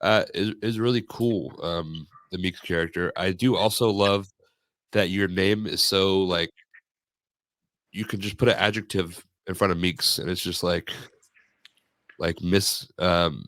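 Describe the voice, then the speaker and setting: A man's voice: deep voice, fairly even intonation, measured pace, a bit bright, dry recording. A young man hosting a podcast, chatting casually in a rambling, joking way. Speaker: podcast host. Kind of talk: casual chat.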